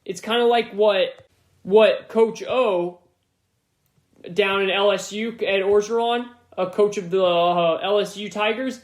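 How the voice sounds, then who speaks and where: A man's voice: sits high, steady tone, unhurried. A man hosting a sports podcast, talking through his opinions in a casual, emphatic monologue and repeating points for stress. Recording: roomy echo.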